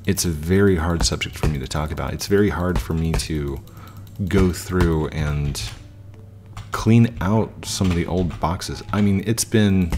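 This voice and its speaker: This man, a gaming YouTuber in his thirties, has a low, unhurried voice and music playing in the background. He chats casually and thoughtfully during a game, frequently restarting his sentences and using fillers.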